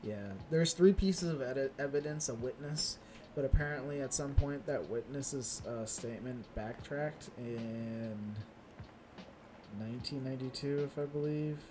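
A man's voice: mid-range voice, a little slow, background noise. Rambling man co-hosting a podcast. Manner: rambling, many fillers and restarts. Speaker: podcast co-host. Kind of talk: casual news chat.

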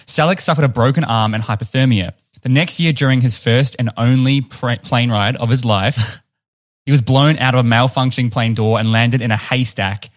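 A man's voice: medium pitch, normal speed. A man with a New Zealand accent, co-hosting a casual podcast and telling a story with chuckles along the way. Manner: chatty, laughs while telling stories. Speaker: podcast co-host.

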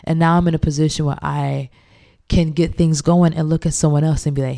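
A young woman chef, animated and laughing often as she acts out quoted speech in a casual interview. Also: sits low, brisk, creaky. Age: young adult.

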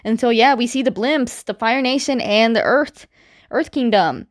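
A woman casually recapping a comic book story, chatty and quick with asides, filling her retelling with "like". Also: a little high, no room sound, studio quality.

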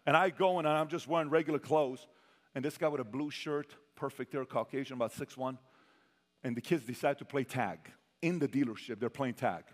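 A man's voice: mid-range voice, a little fast. A man giving a motivational stage talk to a sales audience, telling stories animatedly and acting out the people in them. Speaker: sales trainer speaking to an audience. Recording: reverberant hall.

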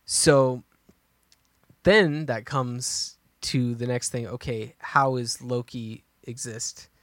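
A man's voice: mid-range voice, steady tone, slow pace, no echo, clean studio sound. A man co-hosting a podcast, chatting casually and thinking aloud as he goes, with many restarts. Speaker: podcast co-host. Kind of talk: casual chat.

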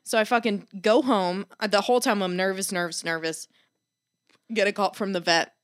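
A woman hosting a casual chat, telling a story in an animated way, swearing and rising in pitch when exasperated. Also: moderate pace, dry recording, studio quality.

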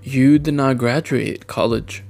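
A young man in his twenties talks slowly and tearfully to his younger self, his gravelly voice full of long pauses. Faint music plays softly behind him. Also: medium pitch. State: crying. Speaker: vlogger.

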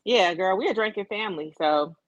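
A woman's voice: mid-range voice, brisk, no echo, dull audio. A woman co-hosting a casual podcast, telling stories with lots of acted-out quotes, speaking. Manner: animated storytelling with acted-out quotes. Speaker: podcast co-host. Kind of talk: casual chat.

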